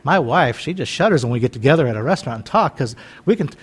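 A man's voice: mid-range voice, animated, quick pace, husky. A man in his fifties preaching in a folksy, conversational way, joking and wandering into chatty asides. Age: 50s. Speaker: pastor.

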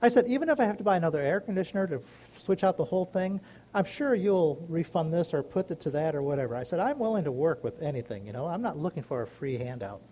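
A man's voice: a little high, sing-song, quick pace, mellow, a little hiss or hum. A man giving a casual, rambling devotional talk, telling everyday stories in an earnest, folksy way. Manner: earnest, rambling, folksy storytelling with many asides. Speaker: Christian speaker sharing a personal story.

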